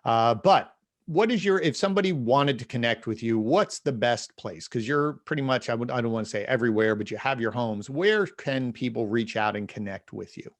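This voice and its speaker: A man hosting a podcast interview, speaking in an effusive, encouraging way with halting restarts. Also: mid-range voice, expressive, no room sound. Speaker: podcast host.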